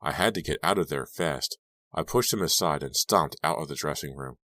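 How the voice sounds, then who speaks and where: A man's voice: extremely low pitch, moderate pace, bright, forceful tone, no room sound. A man reading an audiobook aloud as tense first-person storytelling. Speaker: audiobook narrator. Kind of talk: scripted audiobook narration.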